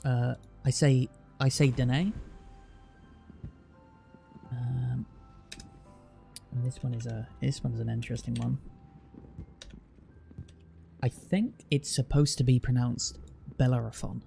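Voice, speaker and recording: A man's voice: medium pitch, little pitch movement, slow, gravelly, long pauses, mellow, soft background music. A man with an English accent chatting casually with live-stream viewers in a blunt, teasing way.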